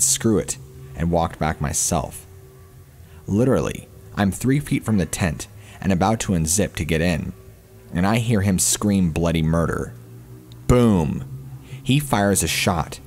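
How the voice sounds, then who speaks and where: A man narrating a first-person horror story in a steady storytelling manner. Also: low voice.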